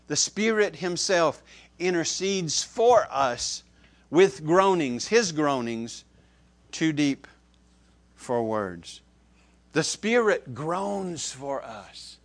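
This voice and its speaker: The pastor's sermon is expressive, with drawn-out words, loud emphasis on key terms and hushed, low asides. He echoes phrases to those listening.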